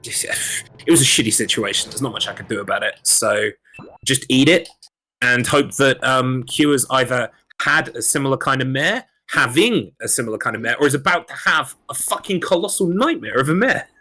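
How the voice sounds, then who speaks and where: A man talks through his run on a live game stream, rambling and poking fun at himself, swearing as he goes. His voice has a bright, sharp edge to it. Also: mid-range voice, lively intonation, normal speed. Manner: rambling, self-deprecating, swears freely. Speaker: speedrun racer. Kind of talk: casual live-stream chat.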